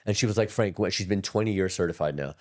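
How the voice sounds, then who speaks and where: A man's voice: low voice, fast. A man talking as a guest energy healer in a casual podcast conversation, telling rambling stories with many restarts.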